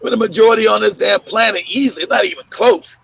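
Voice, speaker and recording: In muffled, dry lo-fi audio, a man with a high-pitched, gravelly, somewhat bright voice and a breathy edge talks at a quick pace. The podcast host tells casual, loose stories with plenty of fillers, restarts and laughter.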